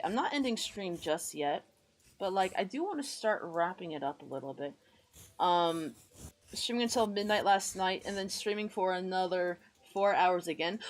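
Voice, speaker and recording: A woman's voice: fairly low pitch, lively intonation, moderate pace. Rambling woman streamer chatting while drawing. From United States. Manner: rambling, self-deprecating, muttering to herself; greets chat members upbeat and friendly. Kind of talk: casual livestream chat while drawing.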